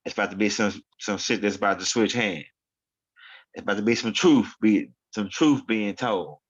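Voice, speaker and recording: A man's voice: fairly low pitch, moderate pace, husky. A man hosting his own online show, rambling through casual commentary in street slang and often repeating himself. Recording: dull lo-fi sound.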